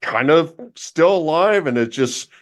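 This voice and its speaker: A podcast co-host spins a rambling comic tale full of fillers. His voice sits somewhat high for a man. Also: animated, unhurried. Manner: rambling, filler-heavy storyteller. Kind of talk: casual comedic banter.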